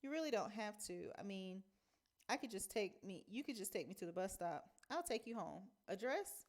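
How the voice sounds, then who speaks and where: A woman's voice: medium pitch, animated, normal speed, natural voice. A woman reading as a genteel, amiable man. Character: friendly, overly polite middle-aged man. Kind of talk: reading a novel aloud.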